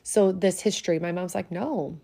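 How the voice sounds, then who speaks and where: A woman's voice: mid-range voice, measured pace, dark tone. A middle-aged woman hosting a podcast, speaking heartfelt and getting choked up as she pays tribute. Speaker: podcast host. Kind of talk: personal tribute monologue.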